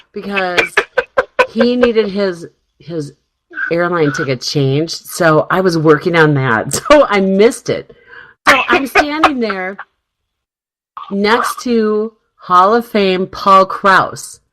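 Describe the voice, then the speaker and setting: A woman's voice: medium pitch, expressive, slow, fairly bright tone, poor audio. A woman co-hosting a radio talk show, telling stories casually, laughing often and acting out the lines of people in her stories. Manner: chatty storyteller, laughs often, acts out quoted dialogue.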